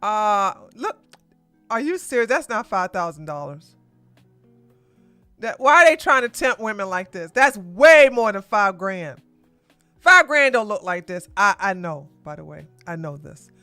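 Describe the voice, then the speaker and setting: A woman hosting a live political commentary stream, animated and sarcastic, exclaiming and talking to her chat. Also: mid-range voice, measured pace, faint music behind. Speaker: podcast host.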